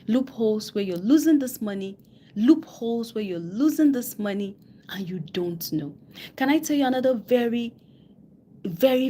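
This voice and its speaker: A woman with a West African English accent coaching people on money, leaning hard on her points and repeating phrases for weight. Her voice sits fairly high. A faint low rumble runs under the recording. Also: dark tone. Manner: emphatic, repeats key phrases, quotes people in mock voices. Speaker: personal finance coach. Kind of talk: live-stream money advice talk.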